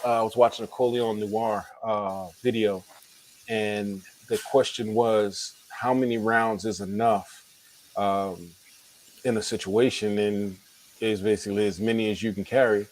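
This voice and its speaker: A man's voice: on the low side, steady tone, unhurried, darkish tone, a little hiss or hum, rough recording. A man co-hosting a late-night chat, talking casually and rambling with restarts, a little tired. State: tired, yawning. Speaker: podcast co-host.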